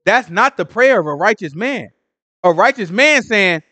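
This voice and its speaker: A man leading a conversational Bible study, animated and talking, acting out prayers in hushed or loud voices. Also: high-pitched, normal speed, no echo. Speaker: Bible teacher. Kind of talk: conversational scripture teaching.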